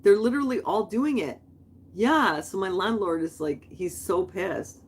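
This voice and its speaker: A woman's voice: medium pitch, unhurried, husky. A middle-aged woman hosting a livestream, talking in a rambling, chatty way, full of "like.". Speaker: livestream host. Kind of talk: casual chat.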